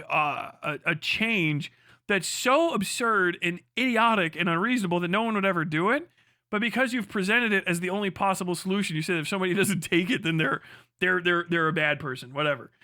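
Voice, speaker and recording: High-voiced, bright, profane male streamer. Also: fairly quick, dry recording, clean studio sound. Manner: profane, heated and sarcastic. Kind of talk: livestream rant.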